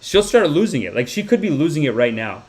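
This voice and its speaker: In a fairly high, slightly rough voice and at a rapid clip, a young man runs a comedy podcast, spinning animated stories and impersonating the people in them.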